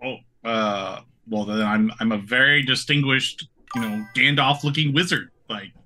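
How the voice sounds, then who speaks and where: A player in a tabletop game, playful and excitable. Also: mid-range voice, unhurried, faint music behind. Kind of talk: tabletop role-play.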